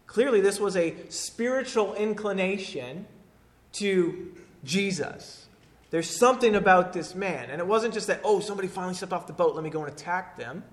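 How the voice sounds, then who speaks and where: A man delivering a sermon with a slightly high voice. He drops to hushed, quiet phrases and then rises into loud, emphatic statements. His delivery is passionate and deliberate. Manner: preaching with swings from hushed to forceful. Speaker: pastor.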